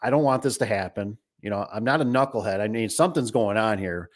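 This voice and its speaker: A middle-aged man with a lowish voice tells stories about his garage door business in a loose, casual way. He rambles, backs up to restart his sentences, and drops quick impressions of the people he talks about. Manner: rambling, with many restarts and acted-out quotes. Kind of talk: casual storytelling.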